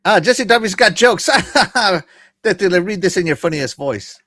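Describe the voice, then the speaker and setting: A man's voice: high-pitched, expressive, measured pace, bright, forceful tone. A man hosting a podcast, casually chatting and reading chat messages aloud with frequent laughter. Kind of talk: casual live-stream chat.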